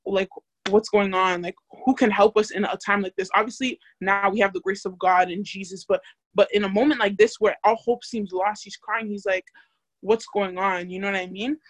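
A woman's voice: mid-range voice, steady tone, fairly quick, no echo. A young woman casually teaching a Bible study, chatty and full of fillers, asking the group questions.

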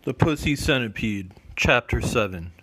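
A man's voice: medium pitch, lively intonation, moderate pace, heavy background noise. A man casually narrating a comedy story in an offhand, rambling way, correcting himself as he goes.

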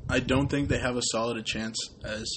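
A man's voice: medium pitch, steady tone, fairly quick, heavy background noise. Blunt young man giving football takes. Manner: blunt, opinionated, laughs easily. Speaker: podcast co-host. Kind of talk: casual sports chat.

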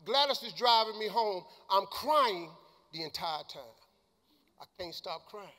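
An older man giving a motivational speech and telling stories, colloquial and emphatic, sometimes shouting. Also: high voice, lively intonation, a little slow. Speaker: motivational speaker. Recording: long hall reverb.

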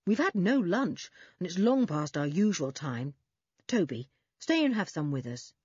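Brief: calm, sensible boy leader, read by a woman, husky tone, dry sound. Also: on the low side, a little slow, dry recording, exaggerated voice. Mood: practical. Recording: dull, dry recording.

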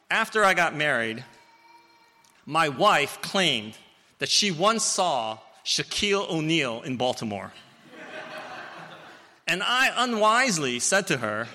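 Guy preaching a sermon, bright lively voice, big echoey church hall, jokey asides. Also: a little high, measured pace. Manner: storytelling, animated, with playful asides.

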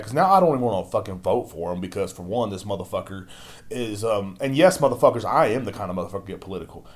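A man's voice: mid-range voice, a little mellow. A young man hosting a podcast at home, ranting in a crude, exasperated way and swearing constantly. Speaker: podcast host. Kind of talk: profane ranting monologue. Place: at home, drinking beer.

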